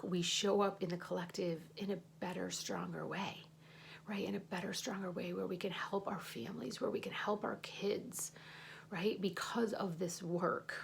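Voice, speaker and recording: A woman in her forties, a life coach, talking through a personal reflective monologue. She speaks softly, often drops to a breathy near-whisper, and keeps checking in with a confiding "right?". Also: lowish voice, a little hiss or hum.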